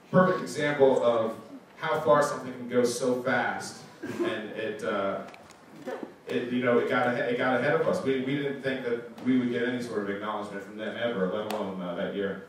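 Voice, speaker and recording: A man's voice: mid-range voice, moderate pace. Thirties man, casual storyteller, laughs a lot, recorded far off in a big echoing room with light hiss. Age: 30s. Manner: animated, laughs often, restarts and trails off. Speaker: guest speaker. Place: school auditorium. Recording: echoey hall, voice picked up from far off.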